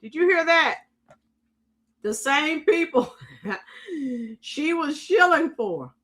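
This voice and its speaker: A woman's voice: high voice, animated, slow, a bit bright. A woman hosting a casual live stream, chatting with viewers and reacting to clips with frequent fillers.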